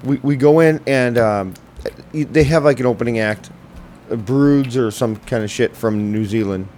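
A relaxed male host chatting casually on his radio show, full of "uh" and "like" and the odd curse. His voice sits mid-range, with a faint hiss behind it. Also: medium pitch, normal speed. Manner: rambling, laid-back, swearing, many fillers. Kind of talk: casual chat.

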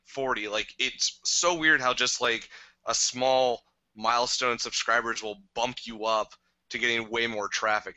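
Bright-voiced rambling man, dry lo-fi sound. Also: mid-range voice, no room sound. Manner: rambling, filler-heavy, laughs easily. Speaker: podcast co-host. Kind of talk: casual chat.

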